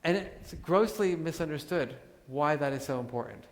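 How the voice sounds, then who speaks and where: A man giving a live talk to an audience, animated and joking as he acts out examples. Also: a little high, moderate pace. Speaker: workshop speaker. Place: large hall with audience. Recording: hall reverb.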